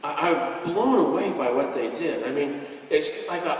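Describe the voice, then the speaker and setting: A man giving a heartfelt, inspirational speech to a convention audience, mixing sincerity with gentle jokes. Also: on the high side, animated, moderate pace. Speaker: guest speaker at a business convention. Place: large convention hall, indoors. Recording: echoey hall, voice picked up from far off.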